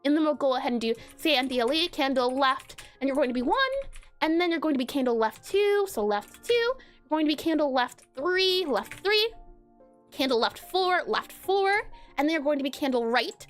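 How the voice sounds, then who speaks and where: High-pitched, animated woman game dev, playful and giggly live-stream banter. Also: normal speed, soft background music. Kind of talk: casual live-stream coding chat.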